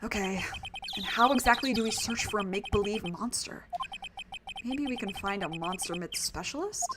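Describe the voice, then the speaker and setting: A woman's voice: medium pitch, moderate pace, heavy background noise, lightly acted. Woman reading as a flustered young lawyer. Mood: exasperated. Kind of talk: reading a video game aloud.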